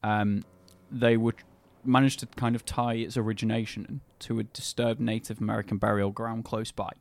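Gravelly, low-voiced man telling a story. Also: level tone, moderate pace. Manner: easygoing, hesitant storytelling with fillers. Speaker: podcast host telling the story. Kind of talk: casual chat.

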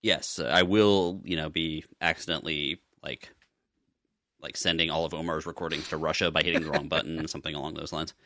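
A man's voice: rumbling low, fairly even intonation, fairly quick, fairly bright tone, dry recording, clean studio sound. A man co-hosting a podcast in casual chat, rambling with chuckling asides. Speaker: podcast co-host.

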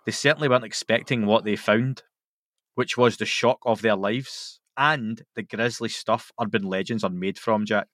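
A man's voice: fairly low pitch, moderate pace, a bit bright, dry recording. Scottish man, podcast guest, reads a story aloud, amused asides, dry close sound. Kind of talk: casual podcast chat, reading a story aloud.

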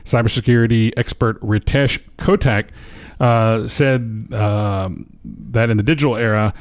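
A man's voice: fairly low pitch, fairly even intonation, unhurried, no room sound. Nasal man bantering over news stories. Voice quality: nasal today. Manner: jokey, teasing, mock Canadian "eh". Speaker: co-host reading news stories. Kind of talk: casual banter reading news.

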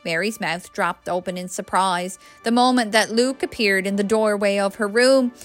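A woman reading a story aloud in a steady, expressive storybook narration. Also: medium pitch, normal speed, faint music behind. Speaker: audiobook reader.

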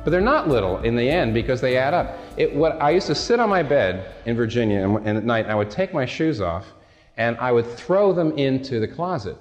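A man's voice: mid-range voice, very animated, a little fast, soft background music. A male pastor preaching a sermon in a conversational, storytelling way, with self-deprecating asides. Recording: long hall reverb.

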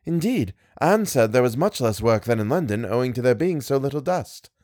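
A man voicing an excitable young woman who works as a professor's assistant, speaking eagerly and breathlessly. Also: mid-range voice, moderate pace, no echo, studio quality, natural voice. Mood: polite.

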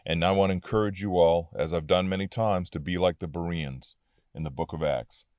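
A man's voice: deep voice, a little fast, a little mellow, dry recording. A man reading Bible verses and explaining them in an earnest, conversational preaching manner, speaking from inside a car. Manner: earnest, conversational preaching, reads scripture aloud then breaks it down. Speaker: minister. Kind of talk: informal Bible teaching podcast.

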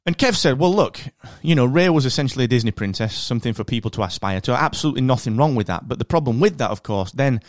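A man with a Northern English accent hosting a podcast, chatting in an animated, rambling way with plenty of fillers. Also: medium pitch, fast, hardly any pauses, dry recording, studio quality. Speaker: podcast host. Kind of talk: casual podcast monologue.

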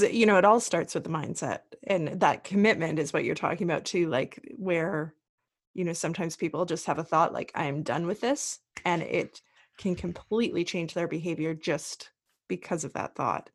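Low gravelly woman co-host. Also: moderate pace. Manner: agreeable, affirming. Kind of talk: casual podcast conversation.

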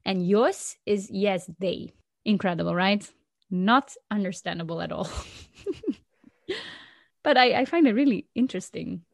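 A woman from Flanders, a Dutch speaker, chatting lively as a podcast co-host, laughing often and restarting sentences. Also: mid-range voice, measured pace, vocal fry, pauses often, no room sound, clean studio sound. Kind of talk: casual explanatory chat.

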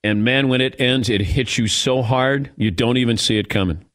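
A man's voice: medium pitch, normal speed, fairly bright tone. A middle-aged man hosting a sports talk radio show, chatting casually in a reflective, self-mocking way.

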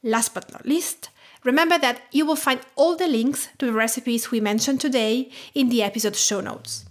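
A woman from Tuscany in her thirties with an Italian accent, hosting a podcast in measured, reflective scripted narration. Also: fairly high pitch. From Tuscany, Italy. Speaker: podcast host and home cook.

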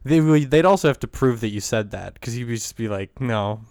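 A man's voice: mid-range voice, animated, a little fast, darkish tone, clean tone, dry recording, clean studio sound. A man co-hosting a podcast, telling a story in a laid-back way, swearing freely and laughing often. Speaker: podcast co-host. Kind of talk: casual chat and storytelling.

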